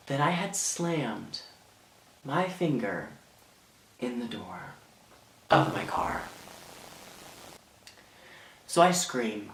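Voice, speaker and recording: A man's voice: medium pitch, a bit bright, a little hiss or hum. Rambling teen boy telling a story. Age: teens. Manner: dramatic, rambling, many fillers. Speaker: vlogger. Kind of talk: storytime vlog. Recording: echoey room.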